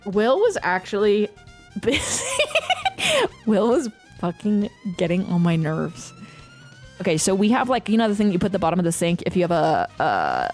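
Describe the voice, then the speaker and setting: A woman's voice: mid-range voice, normal speed, soft background music. A woman in her thirties, a streamer, telling a story in casual chat with frequent swearing. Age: 30s. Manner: ranting, profane, animated storytelling.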